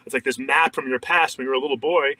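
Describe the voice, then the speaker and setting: Male coach, podcast guest, earnest, rambling fillers, bright tone, mic set a bit far. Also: medium pitch, steady tone, fast talker. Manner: earnest, many "like" fillers and restarts. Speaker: shadow work coach. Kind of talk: casual podcast interview.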